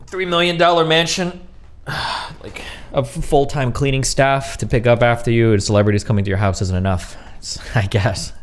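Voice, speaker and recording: A man's voice: mid-range voice, steady tone, normal speed. A man ranting on a livestream in a heated, profane, mocking way. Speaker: streamer. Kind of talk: casual livestream rant.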